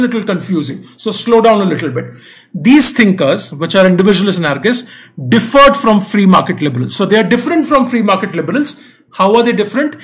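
A young man with a fairly high voice leads an online exam-prep class. He works through a reading passage patiently, repeating key points. He keeps checking that students follow along. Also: a bit bright. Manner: patient, repetitive explaining with frequent "right?" and "okay?" checks.

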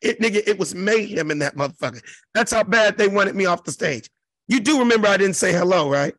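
On a recording with no room sound, a fifties-aged comedian from South Central LA talks a little fast in a high-sitting voice. As a guest in an interview, he spins a profane, lively story, performing the voices of the other people in it.

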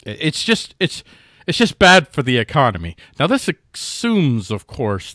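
A man's voice: mid-range voice, a bit bright, no echo, clean studio sound. A man co-hosting a podcast, chatting casually and sarcastically with rambling restarts. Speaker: podcast co-host. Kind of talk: casual political chat.

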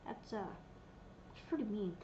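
A woman's voice: medium pitch, lively intonation, normal speed, dark tone, lo-fi sound, slight background noise. A woman giving casual, playful commentary while she plays a video game, giggling and reading menu options aloud. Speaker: gameplay streamer.

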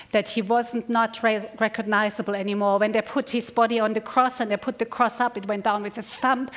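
A woman pastor preaching a sermon in church, earnest, slowing down to stress key words. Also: a little high. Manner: earnest, slows down for emphasis. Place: church service.

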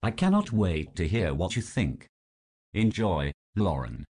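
A computer voice takes on a computer-generated British man reading a note aloud. His voice sits very low and a little husky, and his intonation rises and falls widely. The delivery stays smooth and even, the way text-to-speech sounds. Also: a little slow, full character voice. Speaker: note reader. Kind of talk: synthetic read-aloud.

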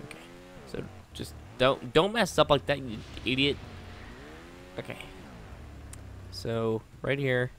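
A man narrating his own gameplay at an ordinary middle pitch. He mutters encouragement under his breath, then bursts out in frustration at the game. His talk is loose and chatty, full of coaxing and complaints. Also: slight background noise. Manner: talks to himself and the game, swinging between muttering and exasperated outbursts. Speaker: gaming channel host. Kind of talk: live gameplay commentary.

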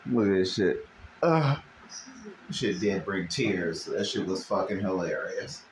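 A man's voice: sits low, expressive, takes it slowly. Laughing man reacting in an echoey room. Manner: laughs often, swears freely, loud bursts. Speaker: reaction video host. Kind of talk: casual reaction commentary. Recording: echoey room with faint background noise.

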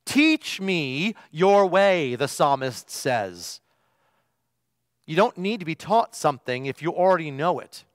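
Lively, high-voiced pastor preaching in a church. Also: male voice, dry recording, studio quality, long reverb tail. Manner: storytelling, emphatic, drawn-out key phrases. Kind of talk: sermon.

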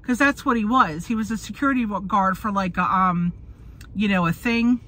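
A woman's voice: mid-range voice, moderate pace, sharp tone. A woman in her forties chatting casually in a car, rambling and losing her train of thought. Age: 40s. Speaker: vlogger. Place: in a parked car.

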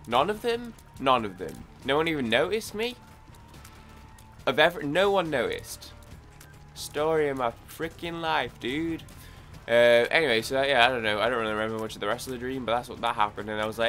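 A man's voice: medium pitch, moderate pace, a bit bright, soft background music. A young man giving casual gameplay commentary, sounding groggy from lack of sleep and rambling with frequent restarts. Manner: rambling, many restarts, swears when frustrated. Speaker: gaming YouTuber.

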